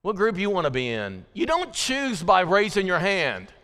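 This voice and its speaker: A man's voice: sits high, wildly swooping pitch, moderate pace, bright, forceful tone, long reverb tail. A man preaching a sermon to his congregation, urgent and emphatic, repeating phrases and speaking straight to the listeners. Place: church sanctuary.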